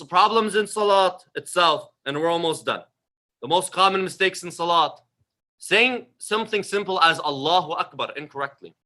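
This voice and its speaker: A man's voice: sits high, sharp tone. A young man giving an informal religious talk, emphatic and conversational, often repeating his phrases. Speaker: religious teacher. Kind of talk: informal sermon on prayer.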